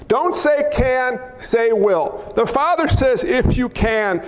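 A male pastor preaching a sermon in a church hall, wearing a mic, animated and acting out crowd cries and quoted lines. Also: extremely high pitch, slow, hardly any pauses. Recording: long hall reverb.

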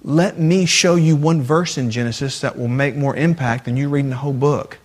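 A preacher voicing a gently questioning Jesus. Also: male voice, medium pitch, moderate pace, natural voice. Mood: searching. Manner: asks short, pointed questions. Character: patient, gently questioning Jesus speaking to a believer. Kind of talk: sermon.

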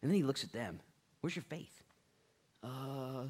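Animated preaching man, lively pitch. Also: a little slow, husky. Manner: animated, conversational preaching with acted-out dialogue. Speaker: pastor. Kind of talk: sermon.

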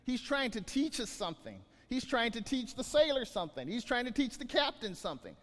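A man preaching a sermon as pastor, animated, often repeating words as he acts out scenes. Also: very high voice, fairly quick, big-room sound.

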